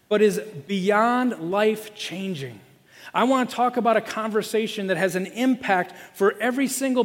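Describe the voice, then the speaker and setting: High-voiced male pastor preaching. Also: in a large hall. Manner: storytelling, lively, with fillers. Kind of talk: sermon.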